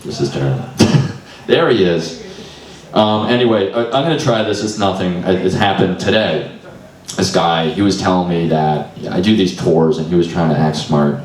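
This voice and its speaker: Young guy rambling thru a stand-up set, kinda low voice, echoey room, sounds far from the mic. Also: moderate pace. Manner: self-deprecating, frazzled, swears a lot. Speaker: stand-up comedian at an open mic. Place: small comedy venue.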